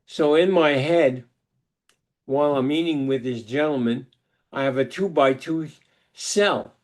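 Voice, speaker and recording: An older man giving a webinar lecture that mixes research points with personal storytelling, talking deliberately with frequent restarts. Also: on the high side, darkish tone. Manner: deliberate, halting delivery with many restarts. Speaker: psychologist giving a webinar talk. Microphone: video call microphone.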